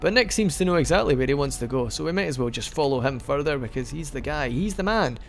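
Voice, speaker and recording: Gravelly man narrating his gameplay. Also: fairly high pitch, expressive, fast, faint music behind. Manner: rambling, joking, with frequent restarts. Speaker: gaming video host. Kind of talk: casual let's-play commentary.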